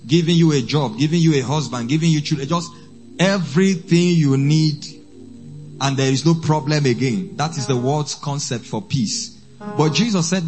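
A man, a priest preaching a sermon, who slows down and repeats phrases for emphasis. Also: fairly high pitch, animated, a little mellow, soft background music.

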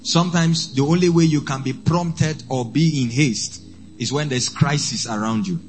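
A man, a priest preaching a sermon, who slows down and repeats phrases for emphasis. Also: a little high, soft background music.

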